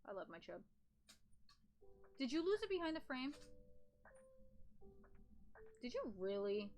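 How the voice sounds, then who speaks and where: A woman's voice: sits high, very animated, a little slow, a little mellow, a little hiss or hum. A woman streaming casually from home, switching between baby talk to her cat and blunt, profane asides. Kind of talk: casual livestream chat. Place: at home in a room with a TV.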